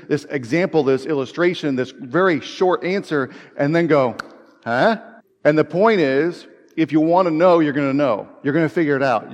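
A man's voice: medium pitch, darkish tone. A man preaching a sermon in a casual, conversational way, with humorous asides and repeated phrases. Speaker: pastor. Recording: long reverb.

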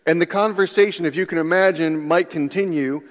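A man's voice: fairly high pitch, a little fast. Conversational male preacher, long hall reverb. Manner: conversational, explains word by word, asks listeners rhetorical questions. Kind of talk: sermon.

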